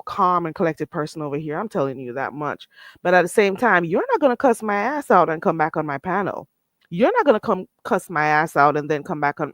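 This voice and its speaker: A woman's voice: mid-range voice, no room sound. A woman hosting a casual livestream, talking bluntly and swearing freely, reading and answering her chat. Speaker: livestream host.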